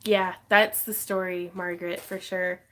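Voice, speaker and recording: A woman's voice: fairly low pitch, level tone, a little slow, a bit bright. A woman hosting a casual craft livestream from her home craft room, chatting, laughing often and reading viewer comments aloud.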